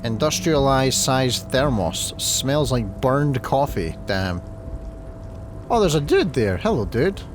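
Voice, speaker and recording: A man's voice: medium pitch, sing-song, takes it slowly. A man with a Scottish accent hosts a casual gameplay commentary. He chats along and reads the on-screen text aloud. A faint noise sits behind his voice. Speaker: let's play host.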